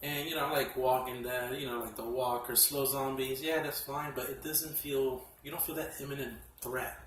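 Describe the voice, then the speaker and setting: An excitable man talks through his favorite horror films in a loose, profane vlog style, laughing often. His voice is bright and forward. He sits some distance from the mic, in a room with a noticeable echo. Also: medium pitch, moderate pace, a little hiss or hum. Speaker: horror film collector reviewing his collection. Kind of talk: casual vlog review.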